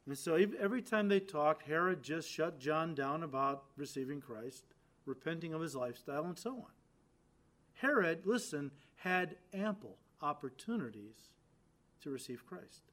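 A man preaching a sermon, stressing phrases loudly and dropping to quiet, low endings, turning to the listeners and acting out quoted lines. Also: animated, normal speed. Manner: addresses listeners directly, acts out quoted lines.

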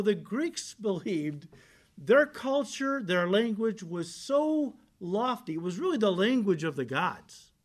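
A male pastor delivers a conversational sermon, rising into emphatic bursts and dropping low and soft on solemn points.

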